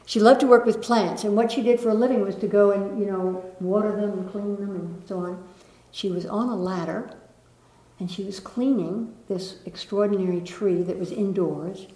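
A woman giving a gentle spiritual talk to a live audience, lilting and laughing softly. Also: mid-range voice, fairly even intonation, normal speed. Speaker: spiritual teacher. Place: room with an audience. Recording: echoey room.

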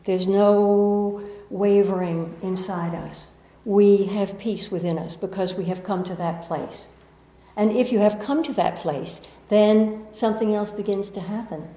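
A middle-aged woman with a Southern American accent, a spiritual teacher, gives an audience an earnest, reflective talk sprinkled with playful asides. Her mid-range voice is mellow, and the room echoes.

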